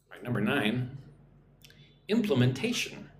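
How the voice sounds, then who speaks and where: A man's voice: mid-range voice, big pitch swings, unhurried, echoey room, a little hiss or hum. A man teaching English vocabulary on a live stream. He explains patiently, breaks words into syllables and often checks in with "right?".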